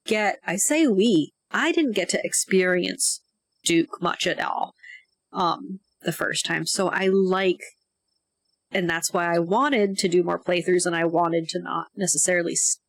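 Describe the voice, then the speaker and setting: A woman playing a story game aloud, chatting in halting asides between lines. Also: lowish voice, dry recording. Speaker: let's play streamer.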